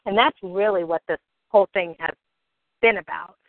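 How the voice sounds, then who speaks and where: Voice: medium pitch, moderate pace, no echo. A podcast host musing thoughtfully about purpose and service in a conversation. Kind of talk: reflective conversation. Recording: dry phone-like audio.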